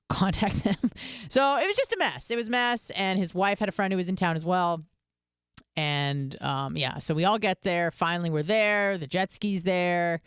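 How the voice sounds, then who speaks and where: Female radio host, smooth clear voice, dry close sound, candid rambling chatter with fillers and swearing. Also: low voice, no echo. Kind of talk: casual storytelling monologue.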